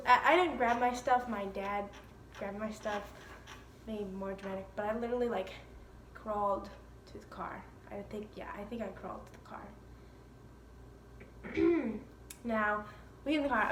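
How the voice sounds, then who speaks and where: A young woman in her teens telling a casual, chatty storytime about an accident, animated and full of laughing asides. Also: fairly high pitch, recorded from a distance, slight background noise. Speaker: vlogger. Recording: echoey room with faint ambience.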